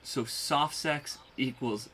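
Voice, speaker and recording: Guy hosting a live chat show, mid pitch, bright tone, teasing and upbeat. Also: takes it slowly, slight background noise, poor audio. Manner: upbeat, teasing, runs the game. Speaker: podcast host.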